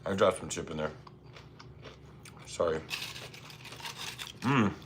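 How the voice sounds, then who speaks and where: A man hosting a casual cooking livestream from his home kitchen, chatty and laid-back, with quick apologetic asides as he reads chat. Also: deep voice, slight background noise.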